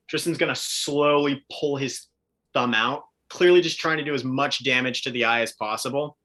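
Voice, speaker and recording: A man's voice: mid-range voice, normal speed, bright, forceful tone. A man playing in a tabletop game, describing his character's actions and swearing casually. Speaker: player.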